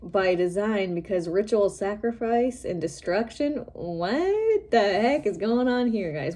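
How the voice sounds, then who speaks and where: A woman giving a casual tarot reading to her online viewers, talking in an unhurried, drawn-out way at a mid-range pitch. She muses aloud as she turns over cards, chatty and prone to little giggles. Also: lively intonation, warm tone. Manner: musing, chatty, giggles often. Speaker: tarot reader.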